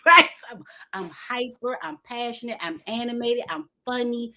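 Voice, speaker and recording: Animated woman preaching self-acceptance. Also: brisk. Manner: animated, excitable, talks to viewers as y'all; energetic and expressive, jumps in pitch. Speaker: motivational speaker. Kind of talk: motivational livestream talk. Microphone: phone or webcam livestream.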